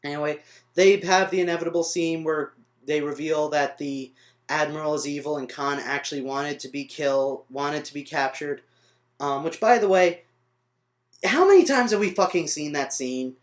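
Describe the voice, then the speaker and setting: A man's voice: on the high side, normal speed. Rambling, ranting young man. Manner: rambling, trails off on tangents, frustrated. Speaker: vlogger reviewing a film. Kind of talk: off-the-cuff vlog rant.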